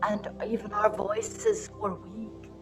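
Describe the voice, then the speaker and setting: Female ceremony leader, gentle guided-meditation delivery, unhurried and half-whispered. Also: medium pitch, little pitch movement, over music. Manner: soft, slow, drifting into whispers.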